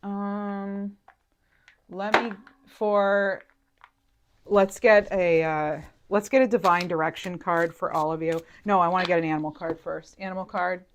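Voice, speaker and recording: A woman with a low voice reads tarot cards for her viewers in a loose, chatty way. She thinks aloud, circles back with fillers, and lets her feelings show. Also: little pitch movement, a little slow, noisy background. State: near tears at moments. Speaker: tarot reader. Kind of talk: intuitive tarot reading to camera.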